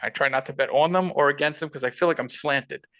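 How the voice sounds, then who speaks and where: A man with a gravelly, slightly high voice hosts a casual sports betting podcast. He banters and cracks crude jokes, recorded dry and close. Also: fast, a bit bright, no echo, muffled recording. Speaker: podcast host.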